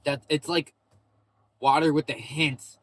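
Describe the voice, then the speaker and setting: A man's voice: on the high side, fairly even intonation, slow, a bit bright, a little hiss or hum. A young man vlogging from his parked car in a parking lot, chatting loosely and casually, full of "bro" and "like". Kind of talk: casual rambling vlog chat.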